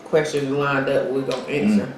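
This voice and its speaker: A woman's voice: rumbling low, normal speed, faint music behind. A woman co-hosting a casual eating vlog, chatting and talking straight to her viewers. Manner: chatty, addresses viewers directly. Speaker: vlog co-host. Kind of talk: casual mukbang chat. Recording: very echoey room, faint background noise.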